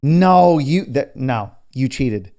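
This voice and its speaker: Relaxed male podcast co-host with a mellow, low-key voice who spins easygoing anecdotes. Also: slow. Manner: laid-back storyteller, says dude and man. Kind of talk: casual podcast chat.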